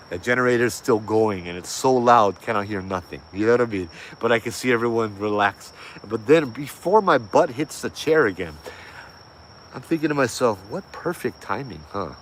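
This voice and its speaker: A man's voice: on the low side, moderate pace, slight background noise. Laid-back man telling a ghost story. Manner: laid-back, animated retelling with slang and fillers. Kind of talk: casual storytelling.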